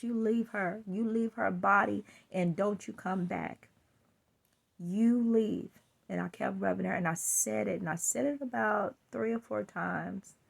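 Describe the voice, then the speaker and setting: A woman with a medium-pitched, creaky, slightly rough voice tells a personal story in a chatty way. She laughs now and then and acts out what people said.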